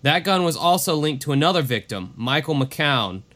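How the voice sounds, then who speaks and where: A man's voice: a little high, expressive, normal speed, pushed and bright. A man co-hosting a casual true-crime podcast, reading case notes and breaking off into profane, offhand asides. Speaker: podcast co-host.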